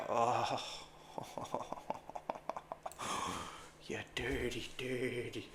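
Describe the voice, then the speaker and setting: A day trader swearing and muttering anxiously to himself while trading live, breaking into sudden shouts. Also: male voice, medium pitch, unhurried, long pauses, slight background noise.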